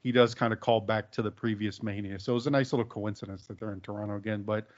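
A man's voice: fairly low pitch, fairly even intonation, fast. A man hosting a casual podcast, talking in a laid-back, rambling way with lots of fillers. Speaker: podcast host. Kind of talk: casual wrestling podcast chat. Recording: dull lo-fi podcast audio.

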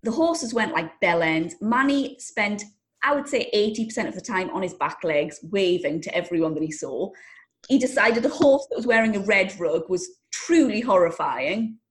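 A woman's voice: mid-range voice, expressive, normal speed. A woman, co-hosting a casual chat, telling riding stories in a blunt, jokey, sweary way. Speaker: podcast co-host and rider.

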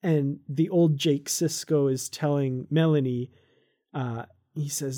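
Mellow-voiced enthusiastic podcast host. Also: mid-range voice, fairly even intonation, slow. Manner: enthusiastic, chatty, laughs often. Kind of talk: casual chat reviewing a comic.

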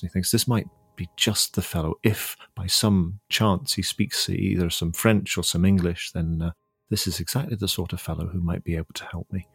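Very low, gravelly man playing a tabletop game. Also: no echo. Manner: hesitant, many fillers. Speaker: player.

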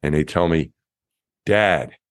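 A man in his fifties, a former astronaut, telling lively anecdotes as an interview guest, often restarting his sentences. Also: rumbling low, takes it slowly, no room sound, studio quality. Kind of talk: storytelling interview.

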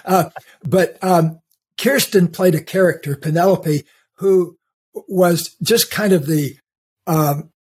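A man's voice: high voice, steady tone, slow pace, slightly rough. An older man hosting a podcast, introducing his guest in meandering, easygoing storytelling. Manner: warm, meandering storytelling with fillers. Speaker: podcast host. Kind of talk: casual interview chat.

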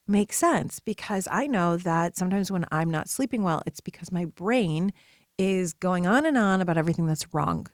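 A woman's voice: on the low side, animated, moderate pace, dry recording, clean studio sound. A woman in her thirties hosting a podcast, talking in an enthusiastic, chatty motivational way with many asides. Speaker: podcast host. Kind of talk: casual motivational monologue.

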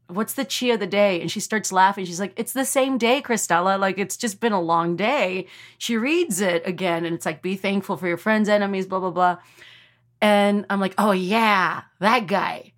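A woman from Texas, a comedian telling a story in casual podcast chat, animated and full of fillers, acting out quotes. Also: mid-range voice. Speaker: comedian guest.

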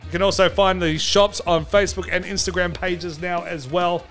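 Brash, hyped comedy podcast host. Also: male voice, sits high, fairly even intonation, normal speed, a bit bright, soft background music. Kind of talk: comedic podcast banter and merch plug.

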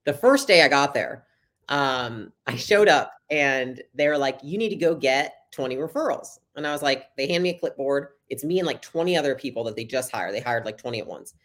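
A woman's voice: a bass voice, animated. A young adult woman, a podcast guest, telling her story in a casual, chatty interview and acting out the dialogue. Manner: fast, chatty, acts out quoted dialogue.

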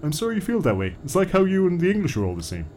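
An eager Canadian ex-soldier. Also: male voice, sits high, huge pitch swings, very fast, a little mellow, a little hiss or hum. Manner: upbeat, eager. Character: cheerful male Canadian ex-soldier painter. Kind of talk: audio comedy drama acting.

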